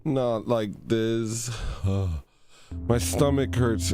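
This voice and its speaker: A man hosting a livestream, rambling comically and mocking himself, with sudden jumps into high squeals and laughs. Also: takes it slowly, long pauses, music in the background. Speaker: livestream host. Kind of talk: rambling comedic livestream chat.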